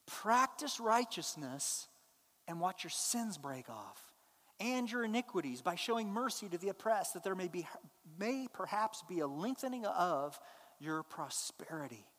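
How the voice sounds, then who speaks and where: Pastor preaching, emphatic but chatty, mid-pitched voice ringing in a big reverberant church. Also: big pitch swings, moderate pace. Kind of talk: sermon. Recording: long hall reverb.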